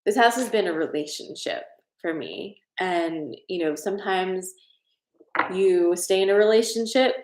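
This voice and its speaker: A woman's voice: lowish voice, measured pace, darkish tone. Woman host, casual heartfelt live-stream chat from home, roomy sound. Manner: casual, chatty, reads viewer comments, gets emotional. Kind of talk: live-stream spiritual card reading chat. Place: at home, in a room of her house.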